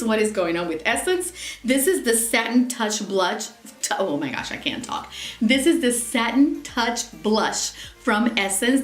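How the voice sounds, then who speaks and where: Gushing woman beauty vlogger in an echoey room. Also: mid-range voice. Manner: gushing, repeats words and restarts phrases. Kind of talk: casual product review. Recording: echoey room, faint background music.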